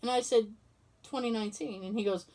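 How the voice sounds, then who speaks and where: A woman's voice: on the high side, steady tone, brisk, darkish tone. A woman hosting a podcast, casually telling a story and acting out both sides of the conversation, swearing freely. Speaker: podcast host. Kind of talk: casual chat.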